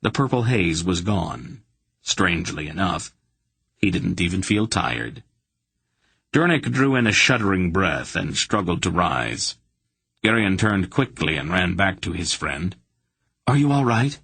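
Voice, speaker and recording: A male audiobook narrator with a low, husky voice, telling the story in a steady, measured way. The recording is close and dry, with no room sound. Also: no echo. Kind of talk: scripted narration.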